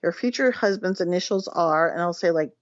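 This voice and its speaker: A woman with a fairly low voice tells stories about her clients on talk radio, chatty and quick to laugh. The sound is dull and dry, with no room around it. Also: no echo. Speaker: psychic guest. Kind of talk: casual radio interview storytelling.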